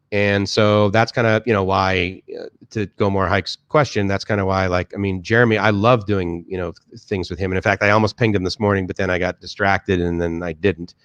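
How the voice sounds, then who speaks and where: A Boston-area man with a Boston accent chats casually on a live stream from his home in Bangkok, reading viewer comments and rambling with many restarts and fillers. His voice is on the low side and a bit bright, in a lo-fi recording with no room sound.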